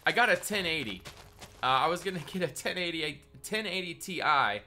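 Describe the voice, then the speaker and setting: A man's voice: a little high, big pitch swings, normal speed, sharp tone, soft background music. A man live-streaming a building session, chatting casually with viewers and greeting them by name, his voice nasal and congested from a cold.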